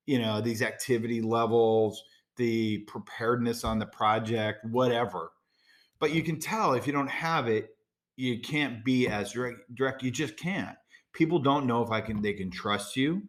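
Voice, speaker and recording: A middle-aged man from the United States hosts his own podcast and speaks straight to his listeners. His delivery is conversational and direct, full of fillers and little asides, at a medium pitch for a man. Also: fairly bright tone. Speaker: podcast host. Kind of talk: casual solo podcast talk.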